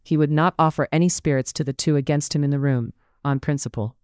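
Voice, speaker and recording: A narrator reading a period romance story aloud in a steady, measured way. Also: medium pitch, smooth, no echo, studio quality.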